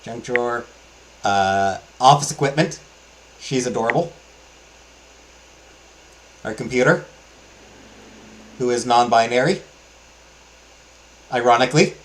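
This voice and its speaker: A man's voice: mid-range voice, measured pace, long pauses, a little hiss or hum, rough recording. Rambling man narrating a game. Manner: rambling, enthusiastic, many fillers. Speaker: let's play host. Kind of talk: casual game commentary.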